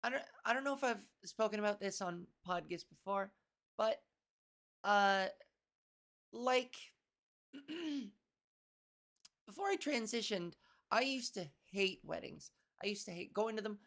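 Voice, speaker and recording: A woman talking alone on her podcast in a loose, wandering way, her voice hoarse and sitting mid-range. She swears freely, coughs and clears her throat, and keeps toying with how high or low she pitches her words. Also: lively intonation, a little slow, pauses often, a bit bright. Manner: rambling, profane, playfully toying with her pitch. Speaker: comedian podcast host. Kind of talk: casual solo podcast monologue.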